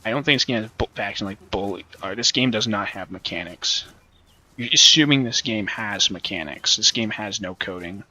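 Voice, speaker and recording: A man's voice: on the low side, normal speed, bright, forceful tone. A man hosting a let's play, rambling, joking and swearing as casual gameplay commentary.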